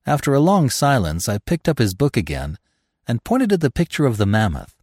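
Expressive male audiobook narrator. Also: medium pitch, brisk, breathy edge, no echo, clean studio sound.

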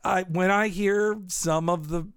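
A man's voice: high-pitched, steady tone, unhurried, clear, resonant tone, no room sound, clean studio sound. A man co-hosting a casual podcast chat, talking in a thoughtful, hedging way. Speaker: podcast co-host.

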